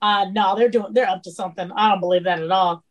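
A woman chef chatting on a podcast, animated, acting out the people in her stories. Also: mid-range voice, fast, lo-fi sound, crowd noise. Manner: animated storyteller, acts out quotes. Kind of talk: casual chat.

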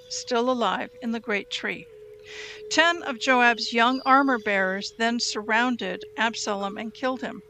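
Woman, scripture reading, clear ringing tone, steady storytelling delivery. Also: on the high side, slight background noise. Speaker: Bible reader.

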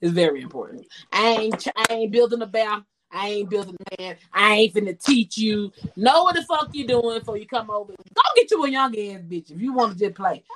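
A woman's voice: mid-range voice, lively intonation, a little fast, few pauses, noisy background. A woman in her forties hosting a podcast, chatting casually, bluntly and profanely, and laughing often. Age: 40s. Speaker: podcast host.

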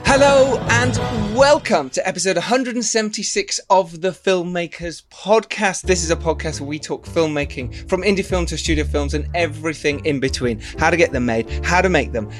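A man's voice: a little high, over music. A man hosting a film podcast, chatty and teasing, laughing often. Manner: jokey, teasing, quick laughs. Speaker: podcast host. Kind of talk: casual podcast chat.

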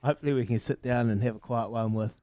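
A man's voice: mid-range voice, fairly even intonation, quick pace, warm tone, no room sound. A man hosting breakfast radio, wrapping up a story and announcing what's next. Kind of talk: radio host chat.

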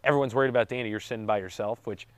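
Lower-voiced man telling a story. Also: racing, clean tone, dry recording. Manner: rambling, self-correcting, joking, with light laughs. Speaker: podcast co-host telling his daughter's birth story. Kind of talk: casual storytelling chat.

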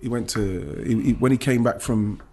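Husky-voiced man telling a story haltingly. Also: mid-range voice, dark tone. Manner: halting storytelling with many restarts and swearing. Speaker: podcast guest, former footballer. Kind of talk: emotional podcast interview.

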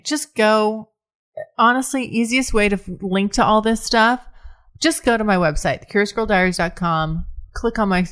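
Woman, solo podcast host, candid casual talk, swears freely, middle pitch. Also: fairly bright tone. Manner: frank and chatty, swears freely, many restarts.

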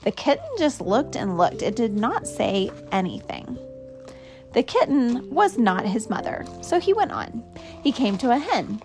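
High, sing-song mother reading aloud. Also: a little slow, soft background music. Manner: expressive, sing-song storytelling. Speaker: parent reading to her child. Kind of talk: reading a picture book aloud.

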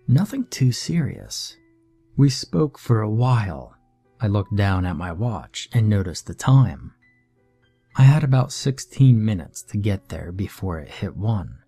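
A man calmly narrating a first-person horror story in a measured, scripted way. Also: fairly low pitch, breathy edge.

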